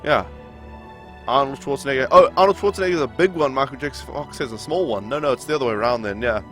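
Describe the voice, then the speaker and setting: A man's voice: medium pitch, quick pace, fairly bright tone, faint music behind. A man streaming a game live, chatting casually and arguing with viewers in chat. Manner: chatty, argumentative, reading and answering chat.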